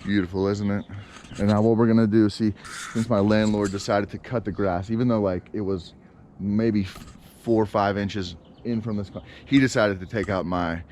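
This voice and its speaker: A man's voice: on the low side, fairly even intonation, normal speed, darkish tone, a little hiss or hum. A man talking casually outdoors in his yard for a vlog, rambling and exasperated, with many fillers and restarts. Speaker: vlogger.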